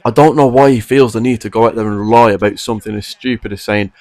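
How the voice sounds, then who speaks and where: A man's voice: fairly low pitch, fairly even intonation, quick pace, a little mellow, dry recording. A man delivering a frustrated, emphatic opinion rant to camera about wrestling. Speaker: wrestling commentary vlogger.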